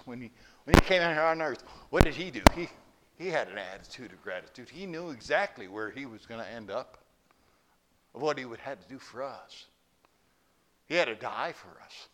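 A man's voice: medium pitch, sharp tone. Guy preaching a sermon in church, tells stories, asks the folks questions. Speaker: pastor.

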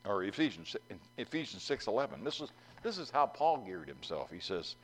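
A man preaches a folksy sermon, asking the congregation questions and acting out the voices in a story he tells. His lowish voice is sing-song at a normal speed, and the recording is low quality.

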